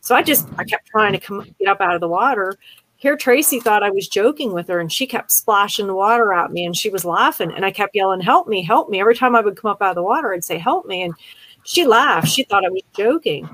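A woman's voice: mid-range voice, animated, fast talker, a bit bright, rough recording. An older woman from Pennsylvania, chatting casually and telling a long personal story with many fillers and restarts. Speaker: conversation partner. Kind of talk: casual chat.

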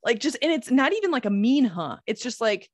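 A woman co-hosting a podcast chats casually in a high, very animated voice at a quick pace, with lots of "like" fillers and frequent laughter. The recording is dry.

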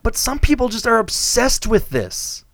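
A man hosting a podcast in casual chat, sarcastic and animated, laughing often. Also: extremely high pitch, unhurried, dry recording. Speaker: podcast host.

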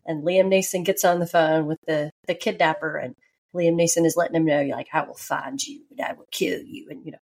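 A woman telling a story in casual chat with her co-hosts, laughing as she tells it. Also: fairly low pitch.

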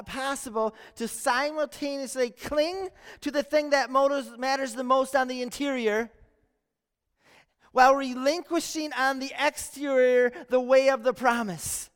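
Long church hall reverb fills this recording of a sermon in a church sanctuary. The male pastor's very high voice is steady, unhurried, clear and resonant as he preaches earnestly, repeating phrases and posing rhetorical questions.

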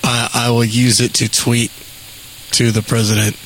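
A man co-hosting a podcast in casual chat, tossing out quick jokes. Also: medium pitch, little pitch movement, a bit bright, a little hiss or hum, poor audio. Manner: joking, quick quips. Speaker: podcast co-host.

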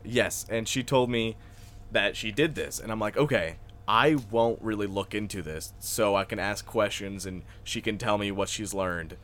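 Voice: low-pitched, normal speed, a bit bright. A podcast co-host in casual chat, teasing in a wry, mock-serious manner.

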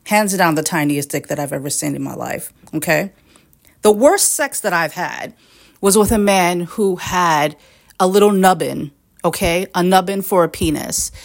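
A woman hosting an audio show, delivering a mocking, berating monologue straight at the listener, her voice swinging sharply up in pitch. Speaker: podcast host.

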